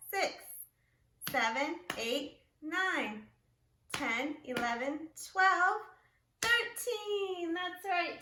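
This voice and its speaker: A woman teaching a young class from home, giving a slow, clear and encouraging lesson and reading a picture book aloud. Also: high-pitched, sharp tone, roomy sound, slight background noise. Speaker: kindergarten teacher. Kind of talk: remote class lesson and story read-aloud.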